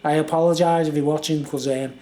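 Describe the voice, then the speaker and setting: A man's voice: fairly high pitch, fairly even intonation, fast talker, dark tone, roomy sound. A middle-aged man, telling a rambling story in a casual vlog and laughing as he goes. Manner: chatty, laughs often, fills with "you know what I mean".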